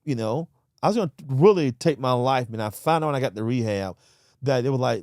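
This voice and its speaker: A man's voice: medium pitch, expressive, brisk, a little mellow, no room sound, clean studio sound. A man as a podcast guest, telling his personal story with emotion and often calling the host "man" and "brother".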